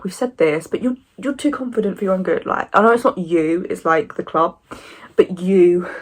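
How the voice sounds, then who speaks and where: A young woman in her twenties vlogs about football straight to camera, chatty and fired up. She rants with a sarcastic edge and often repeats her point for emphasis. Her voice sits at an ordinary middle pitch. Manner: animated, opinionated, sarcastic ranting. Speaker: football fan vlogger. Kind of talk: casual chat to camera.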